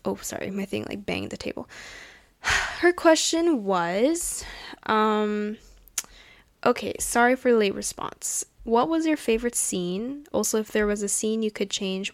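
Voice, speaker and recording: A woman hosting a casual solo podcast, talking in an excitable, gushing, chatty way at a table indoors, with lots of laughs and fillers. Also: on the high side, no echo. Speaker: podcast host.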